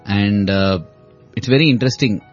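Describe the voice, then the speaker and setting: A man hosting a conversation, listening attentively and then telling a story in a measured way. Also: lowish voice. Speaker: host. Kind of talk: casual interview chat. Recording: slightly muffled recording with faint music.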